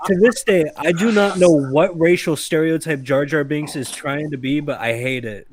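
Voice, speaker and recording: A man's voice: a little high, normal speed, darkish tone, slight background noise. Swearing man in casual group chat. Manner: hesitant, swears often, tries a mock bogan accent.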